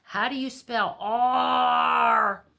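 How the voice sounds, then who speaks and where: Woman reading as an eager man storyteller, quick, keen, pitched up. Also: fairly even intonation, gravelly, sharp tone, full character voice. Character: eager scribbling male storyteller.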